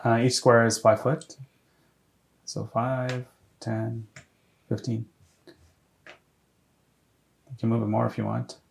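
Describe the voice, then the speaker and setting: A man's voice: medium pitch, little pitch movement, vocal fry, a little hiss or hum. A man running a tabletop game as game master, losing his voice and talking with many restarts. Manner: halting, full of restarts and fillers. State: losing his voice, clearing his throat.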